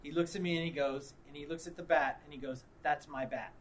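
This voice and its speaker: A man preaching, mixing reflection with an animated story in which he acts out the people involved. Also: fairly high pitch, quick pace, very noisy. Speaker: pastor. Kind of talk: sermon with storytelling.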